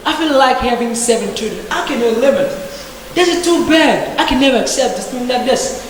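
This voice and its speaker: A man's voice: very high voice, animated, brisk. A man giving an impassioned, indignant speech in a discussion group, repeating rhetorical questions. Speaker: debate participant. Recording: very echoey hall with faint background noise.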